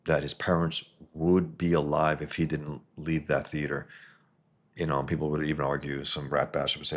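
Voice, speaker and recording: A man with a very deep, husky voice talks through a comic on his live stream. He rambles and digresses, starting sentences over and filling gaps with ums and uhs. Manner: rambling, digressive, many fillers and restarts. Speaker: comic book reviewer and live stream host. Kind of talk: casual live-stream commentary and comic reading.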